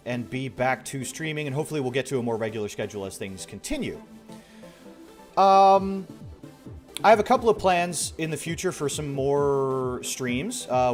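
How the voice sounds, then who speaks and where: A man with a mid-range voice streams a video game and chats casually with his viewers. He is soft-spoken, and his sentences often trail off quietly.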